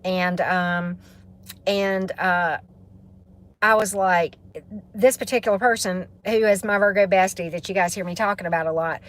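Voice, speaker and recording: A woman's voice: lowish voice, fairly even intonation, normal speed. Woman, Southern US accent, tarot reader, casual livestream chat, rambling, answers viewer comments. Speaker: tarot reader and spiritual coach.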